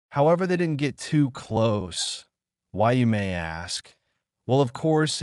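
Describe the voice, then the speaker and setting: Low, animated male story narrator. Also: no echo, clean studio sound. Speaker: fan fiction narrator. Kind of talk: scripted narration.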